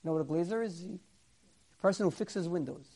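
A man leading a Torah class as a lively storyteller. He gets loud and high when he plays the people in his stories, then sinks to a soft, low voice to explain. He slows right down to lean on the words that matter. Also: slightly rough. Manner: acts out quoted characters, rising louder and higher for them; drops to a quiet, low aside when explaining. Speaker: Torah teacher.

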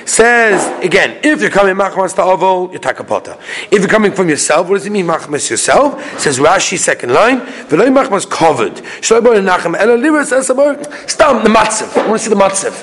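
Guy teaching a talmud class, higher voice, reads a line then explains it fast, chuckles here and there. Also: very animated, fairly bright tone, a little hiss or hum. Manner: quick explanatory delivery, translating phrases as he reads. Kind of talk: daily Talmud lecture.

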